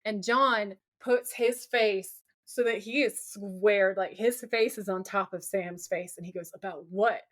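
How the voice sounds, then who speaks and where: A woman co-hosting a chatty podcast, pitched in the middle for a woman. She retells the episode with energy and plenty of swearing. She keeps dipping into a gruff low voice to act out the quoted lines. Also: unhurried, few pauses. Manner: animated, profane, acts out quotes in a gruff low voice. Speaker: podcast co-host. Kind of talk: casual chat recapping a TV episode.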